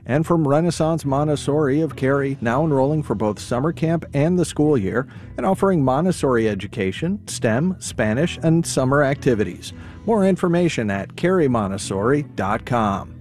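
A man reads station sponsor announcements in a smooth, measured way. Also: mid-range voice, expressive, darkish tone, faint music behind.

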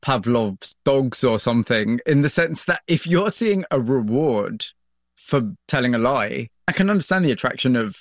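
A man's voice: mid-range voice, lively intonation, normal speed, no room sound, studio quality. A man hosting an interview, asking curious questions and reflecting back on his guest's story. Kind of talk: conversational interview.

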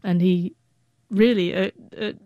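A woman's voice: medium pitch, steady tone, a little slow, no room sound, dull audio. A woman in her forties, a guest telling a heartfelt personal story, who stutters and breaks off the starts of words. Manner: heartfelt, reflective.

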